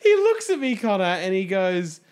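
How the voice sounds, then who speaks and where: A man's voice: high-pitched, huge pitch swings, moderate pace, a little mellow, clear, resonant tone. Laughing man telling stories. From Australia. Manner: rambling storyteller, laughs often. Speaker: podcast co-host. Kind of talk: casual comedic chat.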